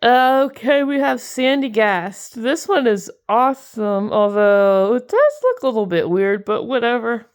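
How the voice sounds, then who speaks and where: Fairly high-pitched and sing-song, her clear, resonant voice moves at a measured pace with few pauses. This young card-collecting video host chats casually over pack openings, giggling and gushing at the cards she likes.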